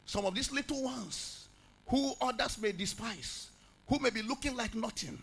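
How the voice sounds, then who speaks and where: A man preaching a sermon, swinging from low spoken phrases to shouted, chanted lines and prayer in tongues. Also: moderate pace, breathy edge. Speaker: pastor. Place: church meeting at a camp.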